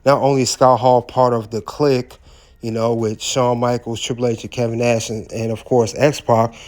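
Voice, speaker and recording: A man's voice: mid-range voice, level tone, normal speed, a little mellow. A man hosting a commentary recap, speaking hesitantly with frequent filler words. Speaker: wrestling commentary host.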